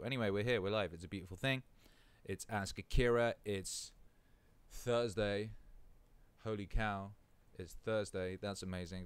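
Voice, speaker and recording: A man's voice: fairly low pitch, clean tone, dry recording. A man hosting a casual live stream, reading out chat comments in a laid-back way and swearing freely.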